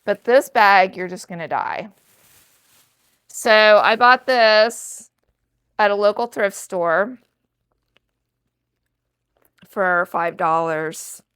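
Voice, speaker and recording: A woman in her sixties talks through her thrift finds in a relaxed, unhurried way. Her voice is smooth and clear, and she speaks straight to her viewers with chatty enthusiasm, like a casual home vlog. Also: mid-range voice. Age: 60s. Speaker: thrift reseller vlogger.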